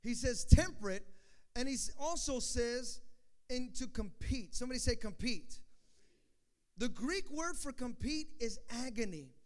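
A pastor preaching a sermon to his congregation, calling for responses and rising to shouts. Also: extremely high pitch, animated, a little slow.

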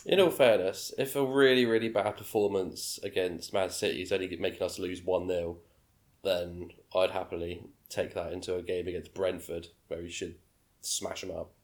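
A man's voice: low voice, steady tone, moderate pace. A man co-hosting a casual football podcast, talking bluntly and swearing casually. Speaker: podcast co-host.

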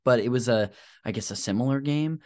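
A man's voice: medium pitch, brisk, a little mellow. A man hosting a casual podcast, sharing facts in a rambling, hesitant way with many fillers and self-deprecating asides. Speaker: podcast host.

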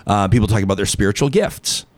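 A man's voice: fairly low pitch, fast talker, dry recording. A man hosting a talk show, chatting casually in a rambling, self-deprecating and joking way. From Canada. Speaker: radio show host. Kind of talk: casual on-air banter.

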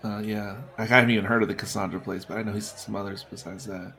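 A man co-hosting a casual film podcast, explaining and telling stories in a relaxed way. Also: on the low side, fast talker. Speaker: podcast co-host.

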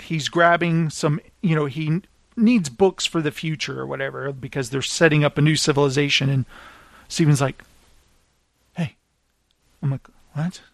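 A man hosting a podcast, telling stories in casual chat and mimicking friends with quick voice shifts. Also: fairly high pitch, no echo. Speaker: podcast host.

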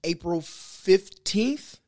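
A man's voice: high-pitched, animated, very slow, darkish tone. A man telling a story in casual chat with friends, loose and slangy, often laughing as he talks.

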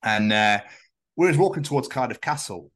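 A man with a Scottish accent co-hosting a podcast, an animated storyteller who swears freely. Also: medium pitch, moderate pace. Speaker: podcast co-host. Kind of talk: casual chat.

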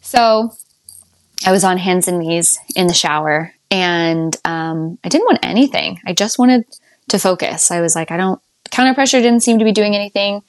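A young adult woman telling her birth story as a podcast guest in casual conversation. She laughs often and jumps up high when she quotes herself. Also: moderate pace, no echo, clean studio sound.

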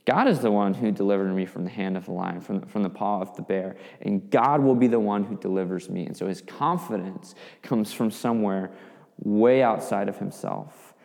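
A man preaching a sermon, telling a story with lively, vivid asides. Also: lowish voice, moderate pace, vocal fry. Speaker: pastor. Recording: long reverb of a hall.

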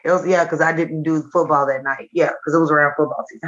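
A woman's voice: sits low, fast talker, few pauses, highs cut off. A woman who does comedy and teaches, chatting as a podcast guest and acting out the people in her stories. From Nashville. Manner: animated storyteller who acts out quotes. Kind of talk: casual interview chat.

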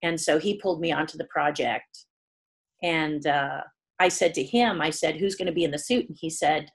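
A middle-aged woman guest telling stories in an interview, leaping up in pitch to act out the people she quotes. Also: normal speed, husky. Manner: lively storyteller who jumps high to act out quoted people. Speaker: guest, puppeteer. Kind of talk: animated storytelling interview.

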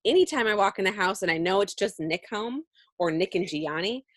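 A woman co-hosting a podcast, telling a story in a casual chat with lots of laughter and lively voice-acted quotes. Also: medium pitch, fairly quick, dry recording, clean studio sound. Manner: animated storytelling with frequent laughter. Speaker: podcast co-host.

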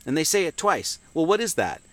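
A man's voice: a little high, very animated, fairly quick, no room sound. A man giving an informal Sunday Bible teaching, asking and answering his own questions and reading verses aloud with lifted emphasis. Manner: conversational, asks and answers his own questions, reads scripture with rising emphasis.

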